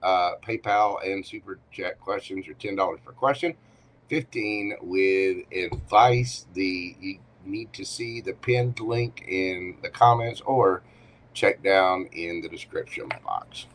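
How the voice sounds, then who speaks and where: A man's voice: low voice, slow pace, low-quality recording. A man hosting a casual live tarot reading, chatting to viewers and talking to himself as he shuffles cards at home. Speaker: tarot reader.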